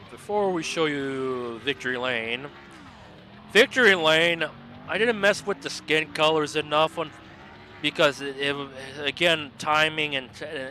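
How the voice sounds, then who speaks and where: A man giving chatty, rambling livestream commentary on his own racing game mod, with bursts of excited cheering. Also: mid-range voice, a little hiss or hum. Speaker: game modder and streamer.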